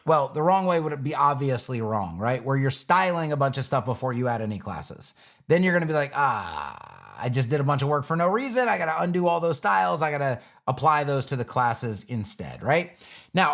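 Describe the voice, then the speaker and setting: A man teaching web design on a live stream, talking casually through each step as he builds a page on screen. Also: fairly high pitch.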